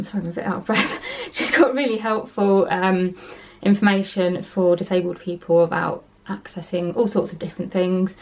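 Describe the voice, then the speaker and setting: Gravelly-voiced woman vlogging. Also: mid-range voice, darkish tone. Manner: chatty and rambling, many ums and small laughs. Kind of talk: casual vlog chat to camera.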